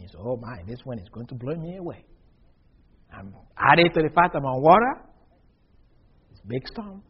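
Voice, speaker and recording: A husky-voiced man preaches with a lively, swooping delivery that sits a little high for a man. He acts out little bits of dialogue and keeps dropping from loud bursts to near-murmurs. The recording is dull and lo-fi. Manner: animated, acts out dialogue with big swings from loud to very soft. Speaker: pastor. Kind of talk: sermon.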